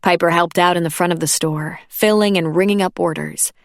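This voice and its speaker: A woman narrating an audiobook in a measured, even reading. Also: on the low side, no room sound, studio quality. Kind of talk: scripted narration.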